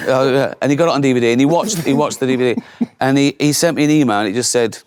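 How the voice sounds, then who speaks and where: A man's voice: medium pitch, fast, darkish tone, clean tone. A man, telling anecdotes in a casual chat and acting out other people's voices. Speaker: guest comedian.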